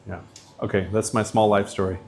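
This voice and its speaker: A man's voice: lowish voice, little pitch movement, a little fast, gravelly, darkish tone. A middle-aged man, a professor, giving a lecture in a casual, chatty way, full of likes and you-knows.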